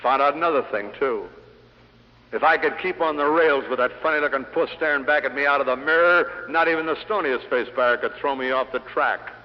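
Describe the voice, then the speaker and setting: A man's voice: mid-range voice, brisk, long reverb tail, dull audio. A man giving a speech on selling to a live audience, telling stories in a punchy way with rhetorical questions, in an old vinyl recording. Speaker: sales speaker. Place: large hall.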